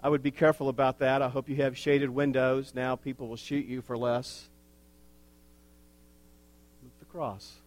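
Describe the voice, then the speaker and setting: A pastor delivering a sermon in a slow, earnest way, with wry asides. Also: male voice, medium pitch, flat delivery.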